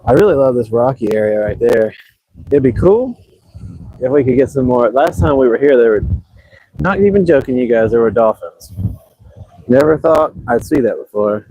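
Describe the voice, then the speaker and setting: A man livestreams from an ocean beach, talking loosely and with easy self-deprecation. His voice is mellow and dark, at a medium pitch. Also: lively intonation, moderate pace, pauses often, breathy edge, no echo, poor audio. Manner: chatty, rambling and self-deprecating. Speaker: livestream host. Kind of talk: casual livestream chat.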